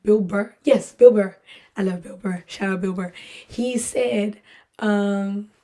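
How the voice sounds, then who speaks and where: A woman's voice: medium pitch, slow. Chatty woman telling a spooky story. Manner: animated, jokey, full of fillers and voiced-out quotes. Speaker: podcast host. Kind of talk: casual storytelling monologue.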